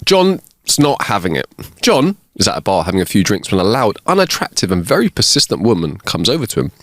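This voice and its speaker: A man's voice: on the low side, big pitch swings, brisk, fairly bright tone, no echo, studio quality. A young man co-hosting a podcast, chatty and digressive, laughing often as he tells jokes. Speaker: podcast co-host. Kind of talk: casual chat and joke telling.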